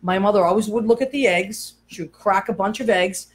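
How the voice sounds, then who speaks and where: Older female radio host, animated storyteller, casual. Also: mid-range voice, fairly quick. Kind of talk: casual chat.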